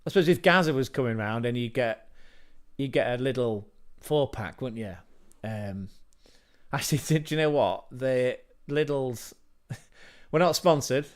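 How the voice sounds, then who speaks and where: A man's voice: mid-range voice, expressive, unhurried, pauses often. Rambling man on a livestream. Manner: rambling, chatty, joking asides, swears. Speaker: livestream host. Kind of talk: casual livestream chat.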